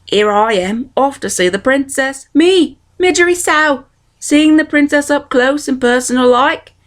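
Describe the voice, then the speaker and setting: A woman's voice: sits high, a little slow, pitched above the performer's own voice. A woman voicing a rustic, hopeful twelve-year-old servant girl who speaks in folksy dialect. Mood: eager.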